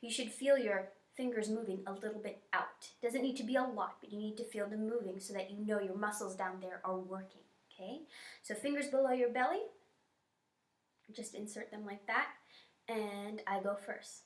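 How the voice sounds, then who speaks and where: Woman leading choir warmups, echoey room. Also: mid-range voice, normal speed, recorded from a distance. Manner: encouraging, instructive. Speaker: music teacher. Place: school music room.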